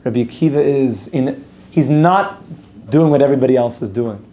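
A man's voice: mid-range voice, normal speed, warm tone. A man teaching an outdoor Torah class as a rabbi. He tells stories with energy and repeats phrases for emphasis. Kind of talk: spoken Torah lesson with storytelling. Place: outdoors at a lookout over a city.

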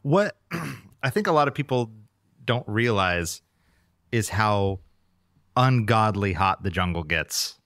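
Low-voiced man chatting, dry mic. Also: slow pace, dry recording. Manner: relaxed, reacts with short replies and laughs. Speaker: podcast co-host. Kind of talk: casual chat.

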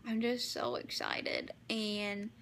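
A woman's voice: a little high, little pitch movement, slow, vocal fry, fairly bright tone, a little hiss or hum. A young woman in her twenties chatting to camera as a beauty vlogger, gushing and filling her talk with "like". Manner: gushing, fills every phrase with "like". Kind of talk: casual chat to camera.

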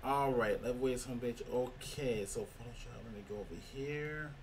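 A man's voice: medium pitch, moderate pace. A man hosting an online meetup on a video call, easygoing and talking through what he does on screen. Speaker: meeting host. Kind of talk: casual online meetup chat. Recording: distant mic with faint noise.

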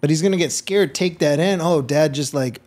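Host, man, 30s, casual and animated, voice on the higher side. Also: normal speed. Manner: animated storytelling, acts out his own reactions. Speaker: podcast host. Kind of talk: casual interview chat.

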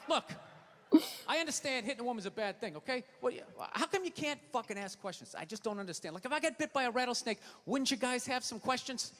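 A male stand-up comedian with a strikingly high voice, telling his story in a ranting, exasperated way. His delivery is profane and heated, built to land jokes on an audience. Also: lively intonation, quick pace, bright, forceful tone.

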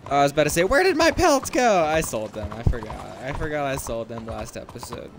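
A young gaming streamer with a mid-range, creaky voice talks very animatedly and a little fast, hardly pausing, over a bit of hiss or hum. He chats and rambles to himself while playing, giving casual let's-play commentary.

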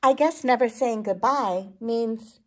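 A woman voicing a kind, soft-spoken male moon in a picture book read-aloud. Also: a little high, slow, a little hiss or hum, pitched above the performer's own voice. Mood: gentle.

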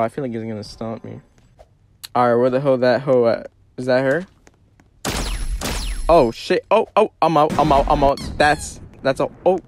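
A young man giving casual gameplay commentary, slangy and excitable, trash-talking other players as he plays. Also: fairly high pitch. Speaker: gaming video creator.

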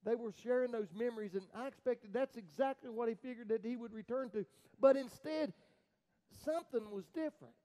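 A man preaching a sermon as the pastor, telling a story dramatically with frequent halting restarts, swinging from loud outbursts to hushed murmurs. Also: very high voice, low-quality recording.

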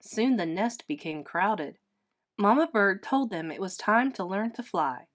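A woman teacher reading a children's picture book aloud in a gentle, expressive storytelling manner. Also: medium pitch, unhurried.

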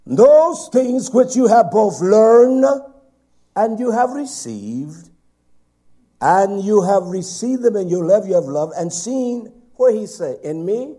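A man preaching a sermon, swinging from loud emphatic lines down to soft whispers. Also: sits high, very animated, a little slow, slightly rough.

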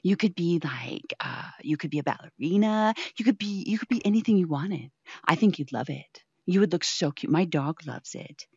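A woman hosting a show with lively, sweeping pitch and a lower register than most. She swings between mock scolding and sing-song cooing. The sound is dull, lo-fi and dry, with no room around it. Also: moderate pace, husky, no room sound. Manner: teasing, theatrical, swings between mock outrage and cooing baby talk. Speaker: show host. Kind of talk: playful improvised VR chat banter.

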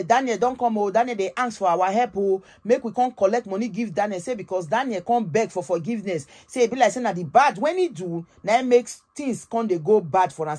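A woman with a Nigerian Pidgin English accent telling gossip in an animated, emphatic way, often tagging her sentences with "oh". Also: mid-range voice. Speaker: gossip vlogger. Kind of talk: casual gossip storytelling.

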